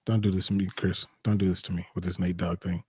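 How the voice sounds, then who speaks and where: A laid-back man with a low, dark and husky voice co-hosts a live fight show. He speaks casually, hesitates often and laughs easily. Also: level tone, fast talker, no echo, studio quality. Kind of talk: casual chat on a live stream.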